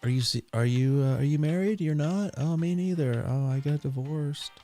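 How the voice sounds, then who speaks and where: A man's voice: a little high, moderate pace, mellow, faint music behind, voice pushed up, natural voice. A man voicing a chatty, flirtatious woman lawyer on a plane, rambling eagerly with lots of fillers. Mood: flirty.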